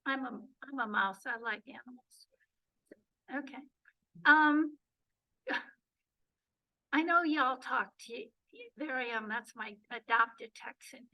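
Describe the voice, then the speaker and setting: A high-pitched woman from the Detroit area presents to her club in an unhurried, chatty way, full of ums and restarts. Her voice is bright but going hoarse, and it is picked up from across a meeting room. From Detroit area, Michigan. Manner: chatty, many fillers and restarts. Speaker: presenter and journey coordinator. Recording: voice picked up from a distance.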